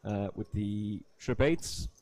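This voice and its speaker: Chatty poker commentator. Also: male voice, fairly low pitch, darkish tone. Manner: chatty storyteller, quick to slip into voices.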